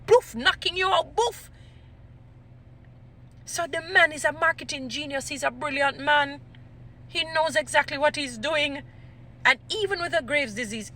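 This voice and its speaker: A woman giving casual commentary, animated and emphatic, repeating phrases for stress. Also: on the high side, slight background noise.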